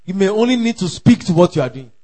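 A man preaching a sermon, emphatic and repetitive, calling out declarations and shouting at the peaks. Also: high voice, expressive, fast talker. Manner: emphatic, repeats lines for the crowd to echo, shouts at peaks. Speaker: pastor.

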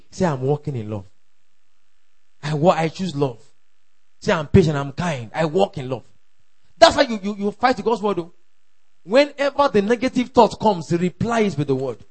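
A man preaching a sermon, emphatic and repetitive, calling out declarations and shouting at the peaks. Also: high voice. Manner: emphatic, repeats lines for the crowd to echo, shouts at peaks. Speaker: pastor.

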